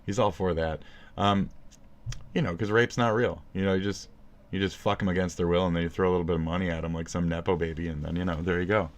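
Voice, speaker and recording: A man's voice: deep voice, steady tone, quick pace. A man giving rambling, sarcastic commentary about another streamer, cursing constantly and recording himself on his phone. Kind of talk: profane ranting commentary.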